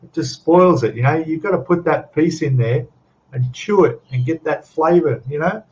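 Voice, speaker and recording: A man's voice: a little high, animated, normal speed, a little mellow, dull audio. An older Australian man hosting a casual live stream chat, rambling and chuckling as he reads out viewer comments. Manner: rambling, chatty, laughs often, reads out chat.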